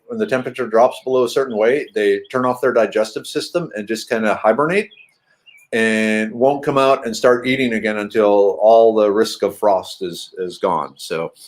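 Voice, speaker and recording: Chatty low-voiced man rambling on vlog. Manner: chatty, playful sing-song asides. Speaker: vlogger.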